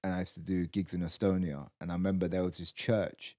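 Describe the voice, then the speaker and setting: A man's voice: low-pitched, quick pace. Swearing man telling a laughing anecdote. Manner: animated storyteller, swearing, laughing as he talks. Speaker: co-host. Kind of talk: casual comedic chat.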